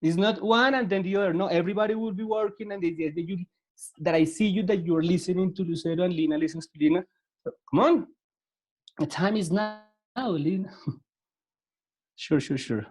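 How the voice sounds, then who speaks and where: A man from Latin America who speaks English with a Spanish accent teaches an online class over a video call, patiently repeating words and giving step-by-step instructions. His high, slightly mellow voice moves fairly quickly, with long pauses.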